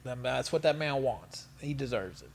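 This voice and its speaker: A middle-aged man telling stories as an interview guest, animated and profane, laughing often. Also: mid-range voice, moderate pace, gravelly. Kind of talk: casual storytelling interview.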